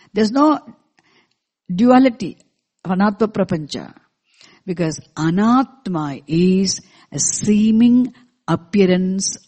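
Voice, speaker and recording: In a scripture lecture, a teacher with a medium-pitched, darkish voice explains a verse to a class in a measured manner. He repeats key terms, asks the listeners questions, and chants verses slowly in between.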